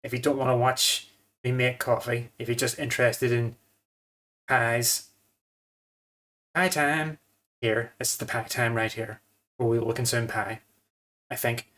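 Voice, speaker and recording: A man's voice: medium pitch, steady tone, unhurried, long pauses, a bit bright. Rambling man, chatty asides. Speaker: food vlogger. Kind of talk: casual home cooking demo.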